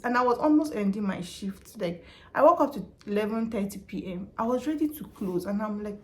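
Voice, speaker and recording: Brief: woman, vlogger, casual emphatic advice, mid pitch. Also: expressive, fairly quick. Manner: chatty and emphatic, repeats points. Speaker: vlogger and customer service worker.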